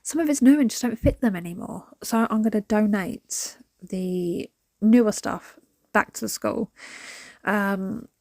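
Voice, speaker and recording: A woman chatting casually to the camera while she declutters, rambling and sometimes dropping to a soft whisper. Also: mid-range voice, measured pace, no room sound, clean studio sound. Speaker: vlogger.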